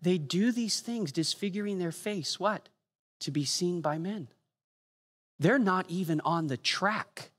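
A man preaching a sermon, telling stories with humor and quick asides. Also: sits high, a bit bright. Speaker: pastor. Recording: long hall reverb.

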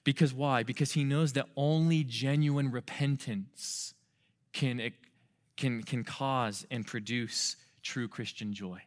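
A man's voice: medium pitch, steady tone, slow. Urgent, conversational young male preacher. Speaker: youth pastor. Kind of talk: sermon.

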